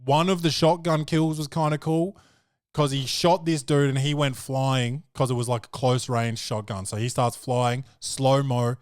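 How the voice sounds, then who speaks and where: A male podcast host in casual chat, with a voice pitched in the middle range. He talks in a rambling, profane, animated way. The recording is close and dry, with no room sound. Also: a little slow, no echo.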